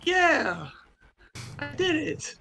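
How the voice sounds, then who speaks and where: A man playing a tabletop game, hesitant with many fillers and quick to laugh. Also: very high voice, very animated, vocal fry, sharp tone, faint music behind. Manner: hesitant, many ums, giggly. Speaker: player. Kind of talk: casual tabletop play.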